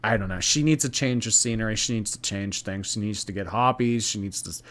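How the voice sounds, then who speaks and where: A man's voice: lowish voice, brisk, fairly bright tone. Chatty man reading stream chats. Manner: chatty, rambling, reads viewer messages aloud. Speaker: commentary streamer. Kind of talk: live stream commentary.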